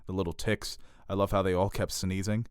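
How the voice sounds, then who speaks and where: A man's voice: deep voice, level tone, a little fast, clean tone, no room sound, clean studio sound. A young man co-hosting a podcast, chatting casually with wisecracking, opinionated remarks. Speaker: podcast co-host. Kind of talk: casual chat.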